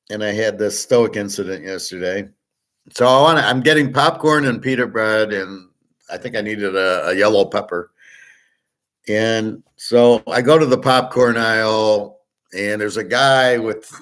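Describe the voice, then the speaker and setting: A man's voice: lowish voice, a bit bright. A middle-aged man hosting a sports betting show, talking casually in a blunt, profane, rambling way with many fillers. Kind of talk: casual monologue.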